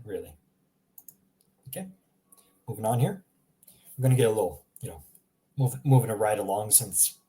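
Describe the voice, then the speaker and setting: A man giving a casual language lesson, saying example words again and again in a relaxed way with small laughs. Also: mid-range voice. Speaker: language teacher.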